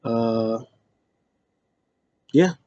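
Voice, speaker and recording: A man in mid pitch chats loosely through a wrestling recap. He rambles and restarts and chuckles now and then. The recording is dry and close. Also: drawn-out words, warm tone, dry recording, muffled recording. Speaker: wrestling show commentator. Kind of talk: casual recap chat.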